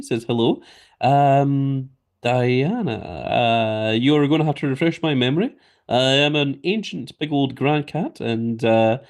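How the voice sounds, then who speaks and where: A Scottish man live streaming in a casual way, reading viewer comments aloud and chatting back. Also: medium pitch. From Scotland.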